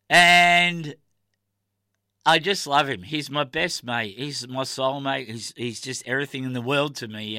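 A man's voice: medium pitch, sharp tone, dry recording. A middle-aged Australian man hosting a radio show, chatting in a rambling, heartfelt way with plenty of fillers. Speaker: radio host. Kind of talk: casual radio chat.

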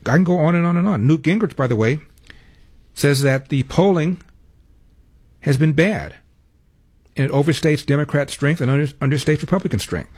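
A man hosting a talk radio show, giving assertive, rapid political commentary. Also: a little high, darkish tone, breathy edge, no echo.

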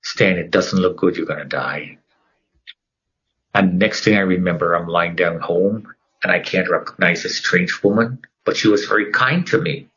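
Husky low-voiced man, middle-aged interview guest, dramatic storyteller, muffled recording. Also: normal speed, a bit bright. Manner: dramatic, acts out the voices of others in his story. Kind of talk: personal testimony storytelling.

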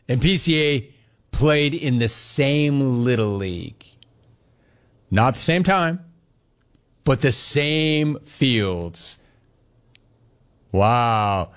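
Sports show host, man in his forties from Los Angeles, lively swooping delivery, casual rambling stories. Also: medium pitch, very slow, pauses often. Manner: animated, rambling storytelling, repeats phrases. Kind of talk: casual sports talk with live chat.

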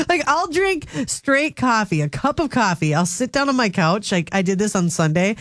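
Chatty, lively female radio co-host. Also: mid-range voice, moderate pace, hardly any pauses, dry recording, clean studio sound. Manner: chatty, laughs often. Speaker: radio morning show co-host. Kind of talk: casual radio banter. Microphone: studio microphone.

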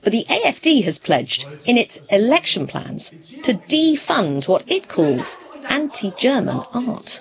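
A woman reporting from abroad as a news correspondent, in measured, descriptive narration. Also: on the high side, big pitch swings, muffled recording. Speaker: foreign correspondent.

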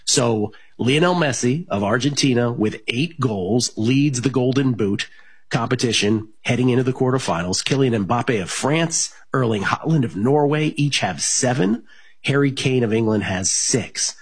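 A man with a husky, mid-range voice hosts a sports betting radio show, speaking in an animated way but a little slowly. He talks casually and rambles, full of fillers and restarts.

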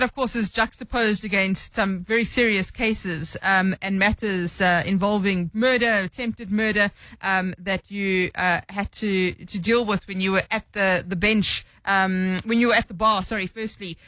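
A woman's voice: mid-range voice, a bit bright, dry recording, poor audio. A woman hosting a radio interview, asking questions with frequent hesitations. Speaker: radio host.

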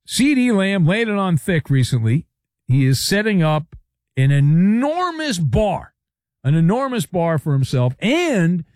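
Male sports radio host, sarcastic riffer, high-ish animated voice, dry sound. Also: no room sound. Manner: sarcastic, riffing, playful asides. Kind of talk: sports talk monologue.

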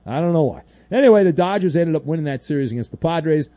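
A male sports talk radio host, playful and a bit exasperated, with a lively, bouncing delivery. His tone is mellow and slightly high. The studio sound is dry and close. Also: fast, no echo. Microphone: studio microphone.

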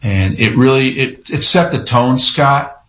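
A man's voice: medium pitch, unhurried, low-quality recording. A man being interviewed on a radio show, telling a story vividly and acting out the quotes. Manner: animated storyteller who acts out quotes. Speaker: radio show guest, former press secretary.

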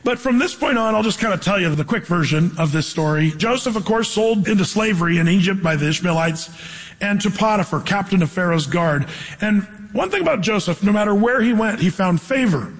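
High husky man preaching in a reverberant hall. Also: fairly quick. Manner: casual, animated retelling with playful asides. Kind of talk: sermon with Bible reading and storytelling.

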